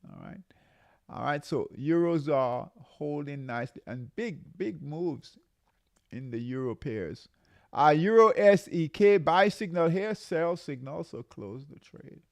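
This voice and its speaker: A man's voice: a little high, lively intonation, gravelly, no room sound. A man hosting a live market update, calling buy and sell signals and repeating his warnings, with many fillers and restarts. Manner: repeats himself, drawn-out warnings, calls out signals. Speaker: trading show host.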